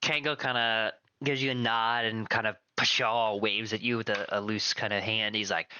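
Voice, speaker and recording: Bright-voiced man running a tabletop game. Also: fairly low pitch, moderate pace, hardly any pauses, highs cut off, a little hiss or hum. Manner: descriptive, relaxed, filler-heavy narration. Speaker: game master.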